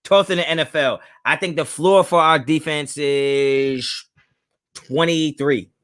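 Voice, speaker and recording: A young man, hosting a live stream and casually reading viewer chat, laid-back and slangy, laughing often and swinging his pitch up and down. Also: slow, a bit bright.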